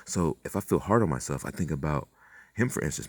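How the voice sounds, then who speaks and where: Very deep-voiced man rambling with profanity. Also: expressive, fairly quick, breathy edge, no echo. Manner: meandering, profane, with many fillers and acted-out quotes. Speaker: channel host. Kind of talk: rambling spiritual monologue.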